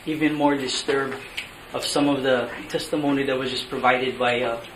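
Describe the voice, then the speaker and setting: A man's voice: mid-range voice, flat delivery, normal speed, fairly bright tone. A man with a Hawaiian Pidgin-tinged accent giving angry, blunt public testimony at a meeting, pleading to be heard. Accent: Hawaiian Pidgin-tinged English. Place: large meeting room. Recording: echoey meeting room, faint hiss.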